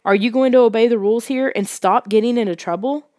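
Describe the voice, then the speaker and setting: A woman's voice: fairly high pitch, fast talker, mellow, no echo, clean studio sound, pitched above the performer's own voice, natural voice. A woman voicing a strict, angry father who lectures his son in a firm, scolding tone.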